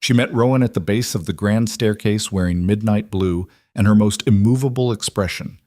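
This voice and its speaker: Low-voiced male story narrator. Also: dry recording, clean studio sound. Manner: steady, measured storytelling. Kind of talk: scripted narration.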